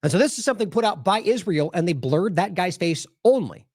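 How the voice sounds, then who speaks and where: Male news host, higher voice, sarcastic rambling commentary, close dry mic. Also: expressive, fairly quick, darkish tone, dry recording. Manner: sarcastic, rambling with frequent restarts. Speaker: independent news show host. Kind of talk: commentary over video clips.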